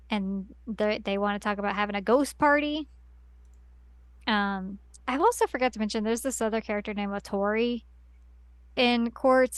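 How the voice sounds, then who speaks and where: In a dry recording, a podcast co-host with a slightly high voice casually recaps a story at length. Her rambling retelling is packed with fillers and false starts.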